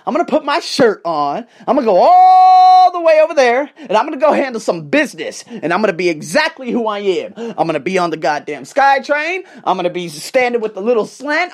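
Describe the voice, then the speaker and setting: A man hosting his own show and delivering an emphatic, profane motivational rant full of repetition. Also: high-pitched. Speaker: podcast host. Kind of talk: ranting motivational monologue.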